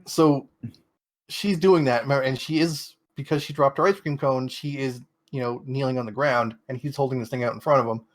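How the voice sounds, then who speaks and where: A man's voice: medium pitch, steady tone, a little fast. A young man co-hosting a podcast, recapping an anime episode in casual chat, with plenty of fillers and quoted asides. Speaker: podcast co-host.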